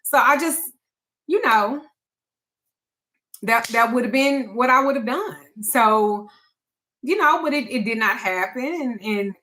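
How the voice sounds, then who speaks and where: A woman's voice: on the high side, expressive, unhurried, long pauses, sharp tone. A woman speaking to her audience as a spiritual advisor and tarot reader, frank and emphatic, with blunt swearing. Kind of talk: candid talk to camera.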